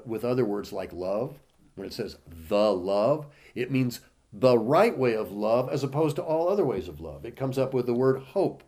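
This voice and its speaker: Slow, measured male preacher. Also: mid-range voice, darkish tone. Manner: reads scripture in King James wording with rising emphasis, asks rhetorical questions. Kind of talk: sermon.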